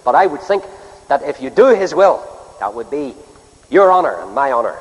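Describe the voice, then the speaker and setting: Preacher in a reverberant hall. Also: male voice, sing-song. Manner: emphatic, measured delivery with sharp rises in pitch. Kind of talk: evangelistic sermon. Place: church pulpit.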